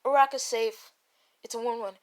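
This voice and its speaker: A woman's voice: fairly high pitch, fairly even intonation, brisk. A woman casually retelling a fan story in a rambling, profane way, often laughing and correcting herself.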